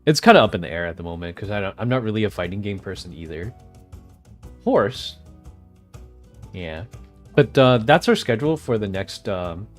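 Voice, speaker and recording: Rambling streamer man, lively pitch. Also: normal speed, pauses often, soft background music. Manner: rambling, easily distracted, laughs often. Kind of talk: casual chat with livestream viewers.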